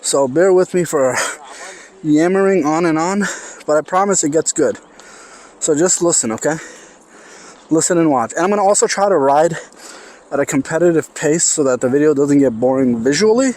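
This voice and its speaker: A man's voice: on the high side, lively intonation, moderate pace, pauses often, darkish tone. A man with a New York accent vlogging while riding through city streets, rambling and thinking aloud with restarts, his voice a little strained and parched. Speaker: vlogger riding an electric unicycle. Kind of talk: casual vlog talk while riding. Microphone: clip-on mic while riding.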